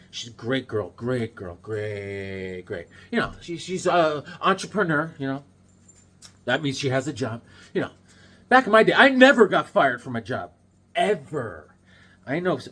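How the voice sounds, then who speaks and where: A middle-aged man rambling and joking through a casual comic-collecting vlog, goofy and animated. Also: a little high, slightly rough. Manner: goofy, joking, animated, acts out quick bits.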